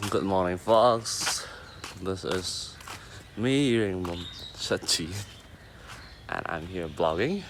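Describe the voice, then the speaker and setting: A young man talks to his camera as he walks across an open outdoor ground. His voice sits very low and he speaks slowly and earnestly in short bursts. The outdoor recording carries clear noise and birdsong behind him. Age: young adult. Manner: slow, halting, earnest, with short phrases. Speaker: vlogger. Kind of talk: casual vlog chat. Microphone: handheld camera while walking. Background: outdoor ambience with birds.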